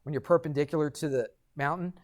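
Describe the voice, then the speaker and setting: A middle-aged man, a math teacher, telling a story to his class and lecturing in an animated way, checking in with students as he goes. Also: on the high side, fast talker. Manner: animated, addresses students directly with frequent "right?".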